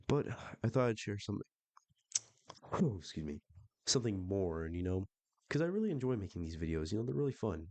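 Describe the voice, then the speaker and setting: A young man with a low, deep voice delivers casual commentary while reading online messages aloud. His tone is sarcastic and blunt, and he swears freely. The sound is dry and close, with no room echo. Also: mellow. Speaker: reddit story reader.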